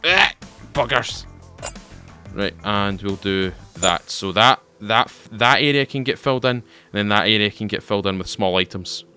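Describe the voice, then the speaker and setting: A man's voice: on the low side, moderate pace, sharp tone, faint music behind. A man with a Scottish accent giving casual, rambling commentary to his viewers while playing a game, often repeating and restarting his phrases. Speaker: gaming YouTuber.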